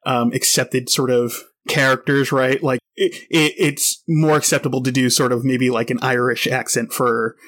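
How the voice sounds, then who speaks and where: A man in a relaxed podcast conversation, talking loosely with frequent fillers and false starts. His pitch sits in the middle range for a man. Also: normal speed, few pauses. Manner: rambling, many fillers and restarts. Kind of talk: casual podcast discussion.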